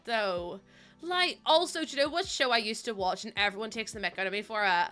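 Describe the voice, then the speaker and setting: A woman's voice: a little high, animated, fast, bright, forceful tone, soft background music. A young woman live streaming, chatty and giggly as she greets viewers, sounding sniffly and close to tears. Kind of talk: casual live-stream chat.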